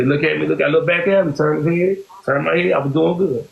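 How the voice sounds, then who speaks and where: A man hosts a podcast, sharing a personal story in loose, rambling talk that keeps landing on "you know what I'm saying." His voice is slightly high, steady, creaky, and quick, with the high frequencies cut off. The room is echoey, and a faint hiss runs underneath.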